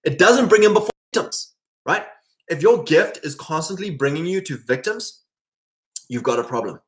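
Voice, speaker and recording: A middle-aged man preaching in a loose, conversational way, his voice sitting a little higher than most men's. He keeps slipping into quick impressions of the people he talks about, then drops back to his own teaching voice. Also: slight background noise. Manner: animated, acts out voices in quoted asides. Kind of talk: casual preaching talk.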